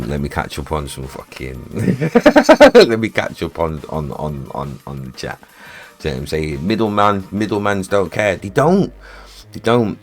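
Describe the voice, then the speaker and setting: A man, streaming live from his home studio and ranting in a heated, sweary way that keeps repeating itself. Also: low voice. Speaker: music producer streaming live. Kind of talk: casual livestream rant.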